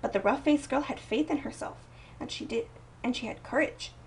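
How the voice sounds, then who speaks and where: A young woman reading a picture book aloud at home, gentle and expressive, softening her voice for quieter moments. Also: high voice, brisk, gravelly, recorded from a distance, low-quality recording. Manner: gentle, expressive read-aloud with soft dips for quoted lines. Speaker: storybook reader.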